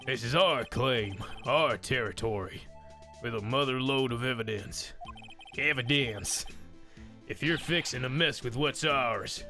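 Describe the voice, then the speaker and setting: A swaggering Wild West detective drawls in a put-on Southern accent, as a man voices him. He speaks very slowly with a bright, forceful edge. Faint music plays under the game voices. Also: mid-range voice, gravelly. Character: swaggering cowboy-talking male detective. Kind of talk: one-man voice acting of a game.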